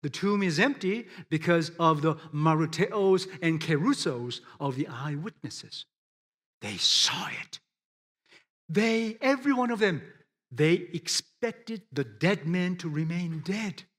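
A man's voice: a little high, lively intonation, unhurried. A man preaching a sermon, addressing his listeners as friends and driving points home with emphatic rises and drops.

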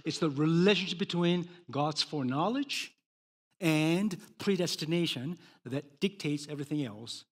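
A man preaching a sermon, emphatic, swinging between loud declarations and hushed words. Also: on the high side, animated, normal speed. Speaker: pastor. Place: church sanctuary. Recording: long hall reverb.

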